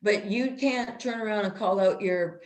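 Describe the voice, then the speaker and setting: A woman's voice: medium pitch, normal speed, darkish tone, roomy sound. A woman co-hosting a casual chat who rants bluntly and swears freely. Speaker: co-host.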